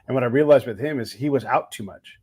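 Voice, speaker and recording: A man's voice: medium pitch, fast, darkish tone, husky. A man hosting a podcast, telling stories in casual, profane talk and acting out the people he quotes. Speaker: podcast host. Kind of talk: casual interview chat, storytelling.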